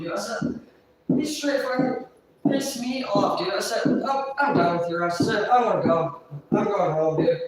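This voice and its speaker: A woman's voice: mid-range voice, animated, moderate pace, a little hiss or hum. Profane rambling woman in an echoey room. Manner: profane, rambling, swears constantly. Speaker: livestreamer. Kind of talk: casual livestream storytelling. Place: indoors, live stream. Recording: roomy echo, distant mic.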